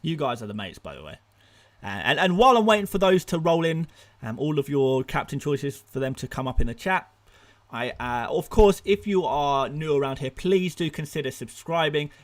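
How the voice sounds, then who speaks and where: A young man hosting a live stream, firing off rapid answers to viewer questions, excitable and laughing often, out of breath at times. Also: on the high side. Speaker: fantasy football streamer.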